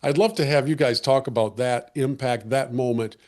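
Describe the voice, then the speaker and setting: A man speaks in a mid-range voice, earnest and reflective as he hosts a podcast conversation. His voice is a little hoarse, and he often restarts his sentences with fillers. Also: mid-range voice, moderate pace, a little mellow. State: losing his voice. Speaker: podcast host.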